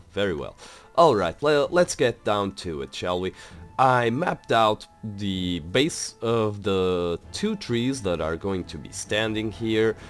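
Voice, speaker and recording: A young man hosting a building game video, talking in a rambling, hesitant way with many fillers and restarts. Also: fairly low pitch. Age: young adult. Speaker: let's play host. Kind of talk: casual gameplay commentary.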